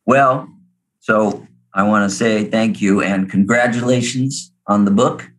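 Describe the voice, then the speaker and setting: Low-voiced, easygoing male interviewer. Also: a little slow, low-quality recording. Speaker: interview host. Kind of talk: casual interview.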